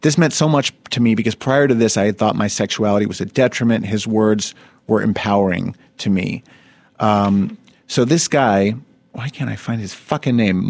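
A man's voice: lowish voice, normal speed, a little mellow, no echo. A man co-hosting a podcast, reading odd news stories aloud with laughing, joking asides. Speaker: podcast co-host. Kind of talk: casual comedic news chat.

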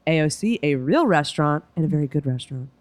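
A woman co-hosting a casual podcast, playful and swearing freely, often dropping into deadpan asides. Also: low-pitched, quick pace. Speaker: podcast co-host. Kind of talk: casual chat recapping a TV show.

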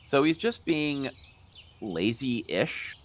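A man narrating as game master of a tabletop role-playing game, in a relaxed, halting way. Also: medium pitch, slight background noise.

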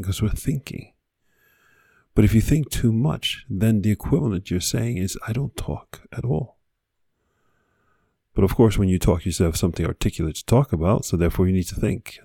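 A man's voice: deep voice, gravelly, mellow, slightly rough, no room sound, studio quality. A man hosting a podcast, delivering an earnest motivational monologue with repeated exhortations. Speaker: podcast host.

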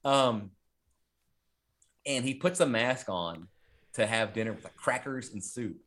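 A man's voice: medium pitch, lively intonation, unhurried, noisy background. Rambling, profane man chatting casually. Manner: rambling and profane, with many fillers. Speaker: podcast host. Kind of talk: casual horror movie chat.

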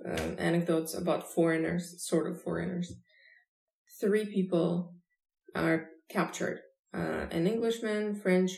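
A woman's voice: on the low side, creaky, darkish tone. A woman hosting a casual chat and telling jokes, laughing easily. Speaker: podcast host. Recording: echoey room.

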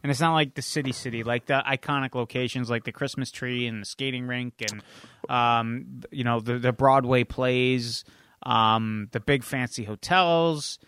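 A man's voice: mid-range voice, steady tone, moderate pace, fairly bright tone, smooth, dry recording. A man co-hosting a podcast, chatty and joking as he gives his opinions. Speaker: podcast co-host. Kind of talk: casual chat.

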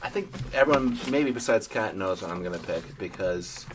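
Man with a lively mid-range voice. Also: sits low, normal speed. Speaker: podcast co-host. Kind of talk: casual podcast chat. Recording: noticeable background hiss.

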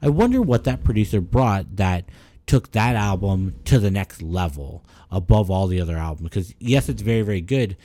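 A man on a podcast, co-hosting at normal speed in a lowish voice, drifts from topic to topic and curses without restraint. When a rant takes hold, he becomes heated and animated.

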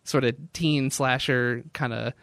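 A man's voice: mid-range voice, steady tone, unhurried, fairly bright tone, dry recording, clean studio sound. A young man in casual chat as a podcast guest, playful, laughing often and tossing in jokey asides.

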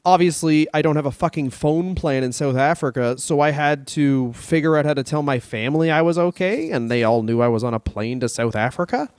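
A fairly high-voiced man from Canada trades rambling, swear-laden stories as a podcast co-host. The recording is dry, with no room sound. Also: animated, a little fast, hardly any pauses, darkish tone, dry recording. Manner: profane, rambling anecdotal storytelling. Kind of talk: casual comedic chat.

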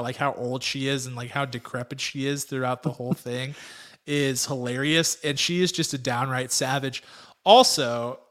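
Bright-toned, enthusiastic man on a podcast. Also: mid-range voice. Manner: enthusiastic, emphatic. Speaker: podcast co-host. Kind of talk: casual movie review chat.

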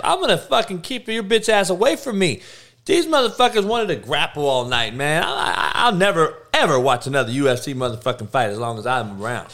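A man with a fairly high voice hosts a solo podcast. He rants bluntly and heatedly, swearing constantly, and he rambles with fillers and false starts. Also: animated, fairly quick, fairly bright tone. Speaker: podcast host.

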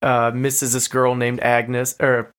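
A man recaps a story on a podcast, his voice sitting at a middling pitch. He talks casually, full of fillers, and jumps into animated quoted lines. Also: slow pace. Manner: animated retelling, many fillers. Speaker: podcast co-host. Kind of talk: casual chat.

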